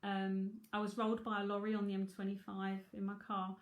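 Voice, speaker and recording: A woman's voice: medium pitch, monotone, brisk, reverberant, muffled recording. A middle-aged woman, a psychic tarot reader, chatting frankly and laughing often as she answers viewers. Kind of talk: casual livestream chat.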